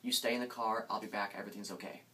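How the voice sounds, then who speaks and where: A man doing a soft, reassuring young boyfriend. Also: lowish voice, steady tone, very fast. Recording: distant mic, faint background noise.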